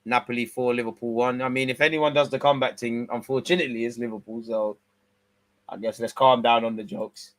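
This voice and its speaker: A young man hosting a live football watch-along, slangy banter between bursts of excited play-by-play. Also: mid-range voice, brisk.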